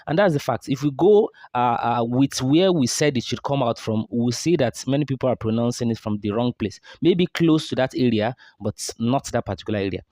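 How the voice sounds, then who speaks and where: A man from Nigeria, teaching recitation and drilling sounds slowly over and over. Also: medium pitch, a little mellow, no room sound, studio quality. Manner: slow drawn-out model syllables, repeated drills. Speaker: tajweed teacher. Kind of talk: recitation lesson.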